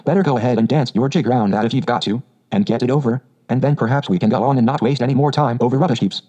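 A man's voice: medium pitch, fast talker, mellow, husky, lightly acted. A man voicing a fussy, complaining male mole in a storybook reading, talking in a pettish, grumbling way on a dull lo-fi recording. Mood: exasperated. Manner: pettish and whiny.

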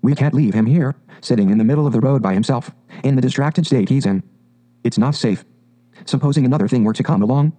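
A man's voice: mid-range voice, quick pace, warm tone, natural voice, low-quality recording. A man doing an anxious little mole. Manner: anxious, pleading. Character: anxious, gentle male mole. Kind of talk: storybook reading.

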